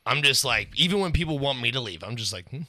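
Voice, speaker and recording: A man's voice: mid-range voice, lively intonation, fast talker, bright, forceful tone, dry recording, clean studio sound. Laid-back young man telling a story. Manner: laid-back, profane, acts out quotes. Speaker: podcast co-host. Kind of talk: casual storytelling chat. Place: studio.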